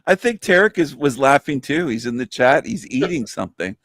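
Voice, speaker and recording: A man's voice: mid-range voice, big pitch swings, normal speed, a bit bright, no echo. A man on a live-stream panel, teasing the others in a rambling, giggly way. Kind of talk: casual live-stream banter.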